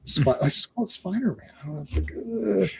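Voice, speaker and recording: Middle-aged guy rambling on his stream, kinda high voice but mellow, lots of restarts. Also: sing-song, fast talker, husky. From Canada. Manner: rambling, self-interrupting, chuckling. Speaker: stream host. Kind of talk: casual live-stream chat.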